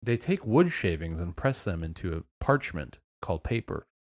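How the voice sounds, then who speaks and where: A man's voice: low-pitched, sing-song, moderate pace. A man co-hosting a podcast, rambling in a casual, sarcastic way and swearing often. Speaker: podcast co-host.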